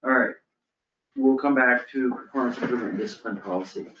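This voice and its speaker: A man's voice: medium pitch, fast talker, a little hiss or hum. A man chairing a town select board meeting, brief and decisive, moving the agenda along. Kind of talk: casual meeting discussion. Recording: distant mic, roomy meeting hall, dull sound.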